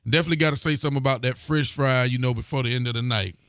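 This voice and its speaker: A man's voice: mid-range voice, fairly even intonation, racing, fairly bright tone, clean tone, no echo, clean studio sound. A man, a sheriff hosting a local live talk show, chatting casually and greeting viewers by name. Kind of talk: casual live-stream chat reading viewer comments.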